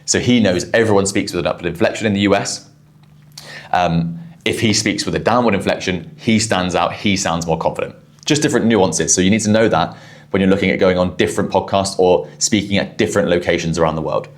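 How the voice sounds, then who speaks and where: A podcast host from southwest England, speaking with that region's accent, goes through a clip he recorded and unpacks what was said. His voice is very deep, and he talks fast, explaining as he goes and frequently starting sentences over.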